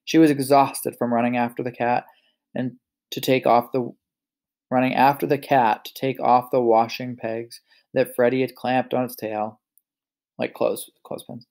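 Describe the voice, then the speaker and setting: Male storyteller, mid-pitch, gravelly, relaxed read-aloud with casual asides. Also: moderate pace. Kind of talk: reading a picture book aloud.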